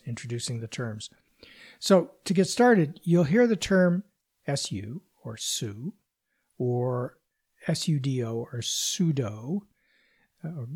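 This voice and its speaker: A man's voice: medium pitch, darkish tone. A man hosting a podcast, explaining terms step by step in a casual, conversational way. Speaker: podcast host.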